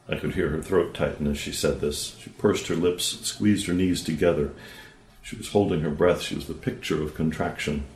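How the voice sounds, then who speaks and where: Low-voiced man calmly reading a case study. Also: roomy sound, low-quality recording. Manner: measured, calm storytelling with quoted dialogue. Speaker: therapist presenting a case.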